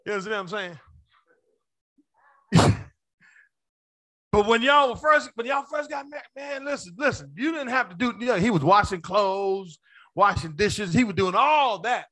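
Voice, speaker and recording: A man with a high voice preaching a sermon to his congregation. He swings from quiet, quick asides with a chuckle to shouted, rising lines, calling for a response from the room. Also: expressive. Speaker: pastor.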